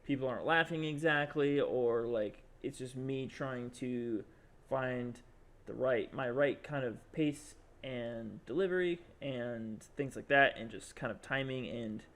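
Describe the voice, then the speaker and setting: A man's voice: mid-range voice, unhurried, a bit bright. A young man co-hosting a podcast, telling a long story in casual chat, rambling with lots of fillers and acted-out quotes. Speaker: podcast co-host.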